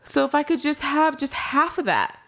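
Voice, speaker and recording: A frank young woman talking as a podcast guest, her voice sitting a touch higher than most. She speaks casually and curses freely. She often trails off and starts her sentences over. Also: big pitch swings, normal speed, a bit bright. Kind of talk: candid conversation about grief.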